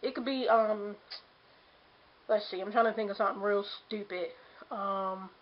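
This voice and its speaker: Venting on her vlog, a late-twenties woman mimics those who pester her and says the same things over and over in frustration. Her medium-pitched voice moves at normal speed with fairly even intonation, captured through muffled, low-quality camera sound.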